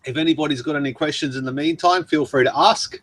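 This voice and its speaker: A man's voice: a little high, quick pace, fairly bright tone, slight background noise. An Australian man hosting a casual live stream, reading out viewer messages in a chatty way with frequent laughs and ums, his throat worn from long talking. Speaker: livestream host.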